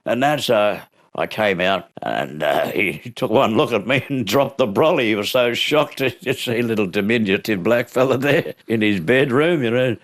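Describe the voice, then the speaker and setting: An older Australian man telling stories from his life in an interview, with a halting delivery full of fillers. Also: on the low side. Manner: halting, with many fillers and lively storytelling. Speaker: guest, actor. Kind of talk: storytelling in an interview.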